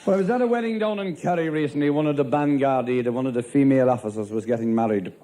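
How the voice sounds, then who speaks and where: A man with an Irish accent telling stand-up jokes in a deadpan storytelling manner, playing a policeman. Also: mid-range voice. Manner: deadpan storytelling, rapid one-liners in character as a policeman. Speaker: stand-up comedian. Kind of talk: live stand-up joke-telling. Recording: live show with faint crowd laughter and noise.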